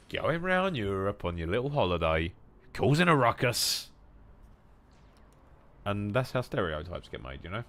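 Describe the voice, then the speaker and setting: Low, lively-voiced English gamer. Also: male voice, unhurried, long pauses. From England. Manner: jokey, rambling, sweary, swings to loud mock-German shouts. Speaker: gaming streamer. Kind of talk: casual chat while gaming.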